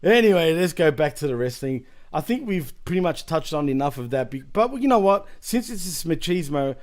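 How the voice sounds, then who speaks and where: A man's voice: fairly high pitch, big pitch swings, a little fast, a little mellow. A man hosting a casual wrestling podcast, chatty and rambling, with frequent laughs. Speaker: podcast host.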